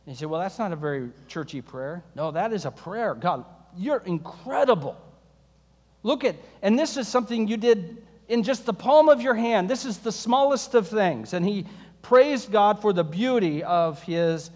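High-voiced guy preaching, chatty and sarcastic, sermon style, long reverb from the hall. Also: normal speed. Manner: animated, conversational preaching with sarcasm and humor. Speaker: pastor.

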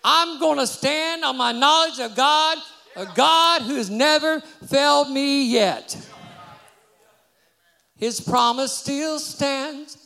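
Male preacher, very high gravelly voice, shouted call-and-response delivery. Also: takes it slowly. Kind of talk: fiery sermon. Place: church service before a congregation. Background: congregation.

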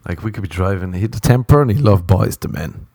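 A man tells a rambling story in casual conversation, swearing freely and laughing at his own tale. His voice sits a little low with a warm, relaxed tone. The recording is close and dry. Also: fast, no room sound. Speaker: comedian.

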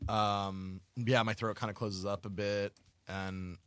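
A man's voice: fairly low pitch, slow pace, smooth, no room sound. A man telling a comic anecdote casually, acting out the quotes. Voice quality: animated, acts out quotes. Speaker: comedian. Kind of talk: casual comedic storytelling.

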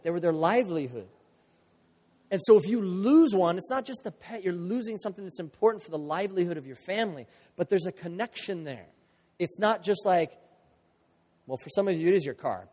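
Animated high-voiced male preacher. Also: big-room sound. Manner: animated, acts out quotes with big swings in pitch and volume. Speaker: pastor. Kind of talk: sermon.

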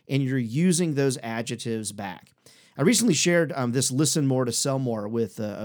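A male sales coach giving an energetic, fast-talking podcast lesson with lots of emphasis. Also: mid-range voice.

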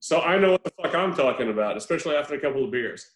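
A man on a podcast telling a movie scene in casual chat, animated and joking, mimicking the characters. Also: mid-range voice, racing, echoey room, low-quality recording. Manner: animated storytelling with laughs and mimicked quotes. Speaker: podcast co-host.

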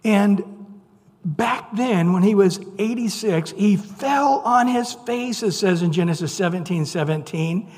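A man's voice: high-pitched, lively intonation, slow. A man preaching a sermon in a conversational, playful storytelling way, acting out the voices of the people he quotes. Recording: long hall reverb.

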